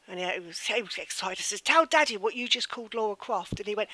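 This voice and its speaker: An older British woman telling family stories in casual chat on a live gaming stream, animated and laughing often. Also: mid-range voice, a little fast, no echo, poor audio. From United Kingdom.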